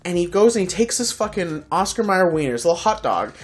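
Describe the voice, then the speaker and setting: Telling a story in a casual podcast chat, this co-host is animated, swears freely, and acts out the people involved. The voice is mid-range and a little fast.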